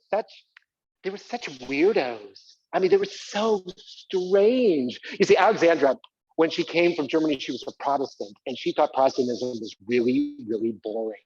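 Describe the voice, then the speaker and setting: A man's voice: fairly high pitch, normal speed, lo-fi sound. Theatrical man in a live one-man show. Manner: theatrical, audience-prodding, lively. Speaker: solo theatre performer. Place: community center stage.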